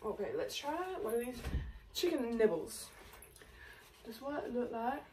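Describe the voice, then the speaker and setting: A woman's voice: a little high, lively intonation, a little slow. A young woman, chatting and joking giggly in a casual vlog. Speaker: vlogger. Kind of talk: casual chat. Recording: distant mic with loud background noise.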